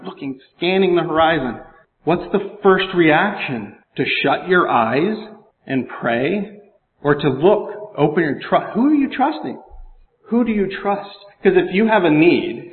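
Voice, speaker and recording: A man preaching a sermon, talking in a conversational way, often asking his listeners questions and reading scripture in older English. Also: fairly high pitch. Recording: echoey hall over a phone-like line.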